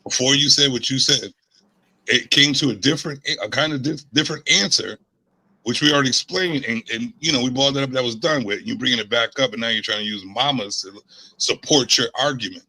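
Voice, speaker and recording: A man's voice: medium pitch, brisk, sharp tone, poor audio. A man on a debate panel, blunt and dismissive, swearing freely as he argues. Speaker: panel guest.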